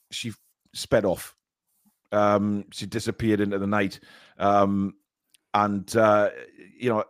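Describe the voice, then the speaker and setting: In a casual live-stream chat, a man co-hosting a football fan show talks hesitantly with many ums and repeated words, sounding sore and a little shaken. His mid-range voice is captured with a dry, clean studio sound.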